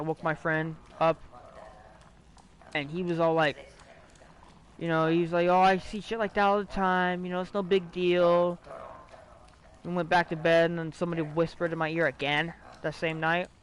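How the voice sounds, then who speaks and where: Rambling streamer man, slightly high voice. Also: a bit bright, poor audio. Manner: rambling, profane, restarts and fillers. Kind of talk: casual livestream storytelling.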